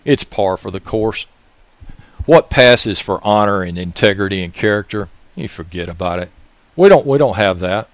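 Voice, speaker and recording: A man's voice: on the low side, animated, moderate pace, no room sound. A man with a Mississippi Southern accent, delivering an angry political monologue. He raises his voice, uses profanity and keeps scolding listeners with repeated questions. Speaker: political commentator.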